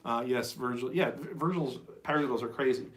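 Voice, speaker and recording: A man's voice: mid-range voice, a little fast, a bit bright. A man giving a casual, enthusiastic drum lesson on a live stream, peppering his talk with "like" and "right?" and scatting rhythms aloud. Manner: chatty, enthusiastic, full of "like" and "right?"; scats rhythms aloud with syllables. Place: drum shed. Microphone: phone.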